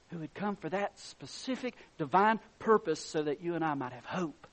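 A man preaching a sermon, reading scripture softly and then rising to loud, excited emphasis, chuckling between points. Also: on the high side, normal speed, few pauses.

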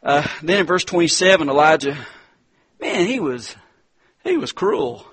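A man preaching in a relaxed, conversational way, calling his listeners "guys". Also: on the high side, measured pace, slightly rough. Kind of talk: conversational sermon.

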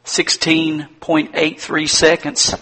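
Casting: a smug, bragging inventor, voiced by a man, crisp and bright. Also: on the high side, completely flat delivery, slow pace, heavily acted, rough recording. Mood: boastful. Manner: bragging, matter-of-fact. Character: proud, boastful male watch inventor.

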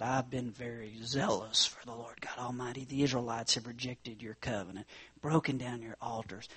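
A man preaching a sermon, retelling a scripture story with dramatic swings from loud, emphatic lines to hushed whispers. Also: a little high, slightly rough.

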